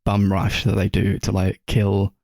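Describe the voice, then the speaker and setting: A man's voice: low-pitched, completely flat delivery, a little slow, vocal fry, a little mellow, dry recording, clean studio sound. A young man co-hosting a podcast, chatting casually about a show and rambling through lots of fillers and swearing. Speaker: podcast co-host. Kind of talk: casual film chat.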